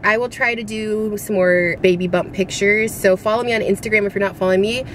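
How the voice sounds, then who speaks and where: A woman's voice: medium pitch, steady tone, a little fast, slight background noise. Breathless, chatty young woman vlogger. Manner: rambling, giggly, confiding, with lots of fillers. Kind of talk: casual chatty vlog.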